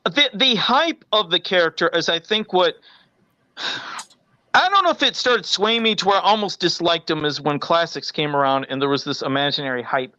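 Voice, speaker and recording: A man co-hosting a casual podcast chat, talking in an animated way and swearing freely. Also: on the high side, normal speed, no echo. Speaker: podcast co-host. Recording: slightly muffled audio.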